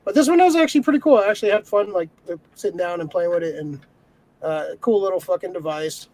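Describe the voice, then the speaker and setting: High-voiced laughing podcast man. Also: quick pace, a little mellow, no room sound, rough recording. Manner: laid-back, laughs a lot, casual swearing. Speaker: podcast co-host. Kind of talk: casual chat.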